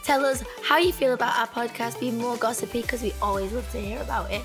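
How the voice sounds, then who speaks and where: Woman co-host, husky and a bit under the weather, slightly high, music under her. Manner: quick to agree, teasing. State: husky from illness. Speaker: podcast co-host. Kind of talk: casual gossipy chat.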